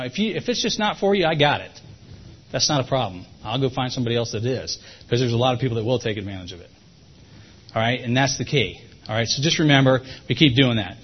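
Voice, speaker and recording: A man's voice: medium pitch, slightly rough, highs cut off. A man giving a sales training talk to his team, folksy, repeating points for emphasis.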